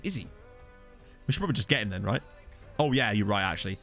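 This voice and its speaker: Speaking fast and animatedly in a lowish, fairly bright voice, a man streams a football management game as faint music plays. Chatty and jokey, he responds to viewers' chat via a desk USB condenser microphone.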